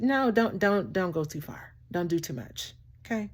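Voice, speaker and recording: Speaking to camera, a female vlogger gives a warm, spirited, preachy motivational talk, with frequent laughter and the endearments "child" and "baby." Her voice is lowish and her speed normal.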